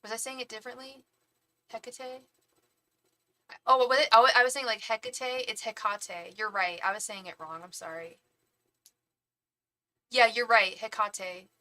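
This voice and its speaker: A woman doing a live tarot reading who chats casually, with frequent restarts, and at times softly repeats an invocation. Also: on the high side, brisk, long pauses, rough recording. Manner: chatty and animated, with frequent restarts; repeats a soft chanted invocation. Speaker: tarot reader and psychic medium. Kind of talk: casual chat on a live stream.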